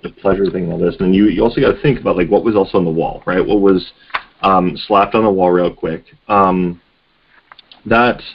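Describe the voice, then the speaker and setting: A man's voice: low voice, slight background noise. A man co-hosting a podcast in casual chat, talking loosely and speculatively in run-on thoughts. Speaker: podcast co-host. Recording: dull lo-fi recording.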